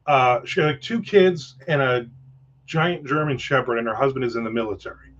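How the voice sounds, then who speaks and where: A man's voice: mid-range voice, moderate pace, fairly bright tone, slight background noise. A man hosting a casual livestream chat, rambling with profane jokes and asides. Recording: dull lo-fi sound.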